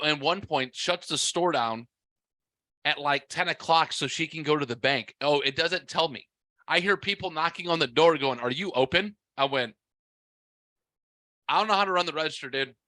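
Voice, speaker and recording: Forties guy, podcast host, loud and profane storyteller, bright edge, dry close mic. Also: on the high side, moderate pace, no room sound. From half white, half Mexican heritage. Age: 40s. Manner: profane, blunt, animated storytelling. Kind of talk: casual storytelling.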